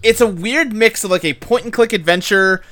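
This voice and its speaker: A man hosts a podcast in casual chat, his high-pitched voice sharp in tone and moving at a moderate pace. He rambles along with loose fillers and some casual swearing.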